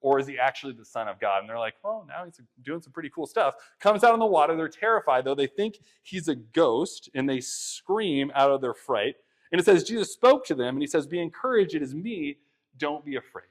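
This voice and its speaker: A young man preaching a conversational sermon, retelling a story in a casual, animated way with many fillers. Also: a little high, brisk. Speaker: pastor.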